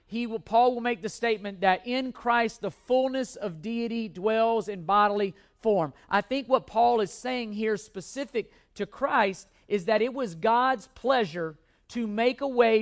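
A man's voice: high-pitched, a little slow, few pauses. Man preaching an emphatic sermon. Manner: emphatic preaching with repeated phrases and restarts. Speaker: pastor.

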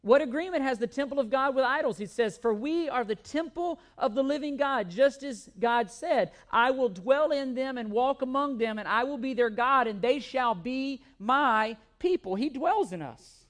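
A man's voice: extremely high pitch, expressive, normal speed, hardly any pauses, a bit bright. A man preaching a sermon as pastor, emphatic, often repeating words and asking rhetorical questions.

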